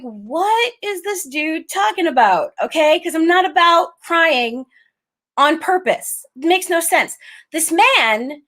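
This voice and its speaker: A woman with a high voice opens her talk show with bursts of excitement, then settles into a chatty, frank monologue. She speaks casually and openly, as if talking to friends watching live. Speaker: host.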